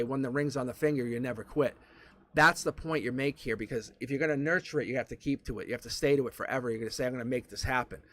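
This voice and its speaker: A man's voice: mid-range voice, fairly bright tone. A man giving a live-streamed tarot reading, motivational and repetitive, swearing casually as he talks. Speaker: tarot reader.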